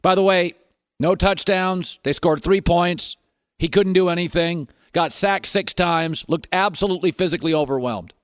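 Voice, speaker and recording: Emphatic and argumentative, this man hosts sports talk radio with a slightly higher voice than most men. He drops in sarcastic asides as he builds his case. His studio mic sounds close and dry, with no room echo. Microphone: studio microphone.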